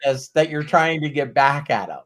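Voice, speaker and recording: Animated storytelling man hosting a podcast. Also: fairly high pitch, fast. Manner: animated storyteller who acts out quoted voices and swears casually. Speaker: podcast host. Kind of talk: casual conversational storytelling.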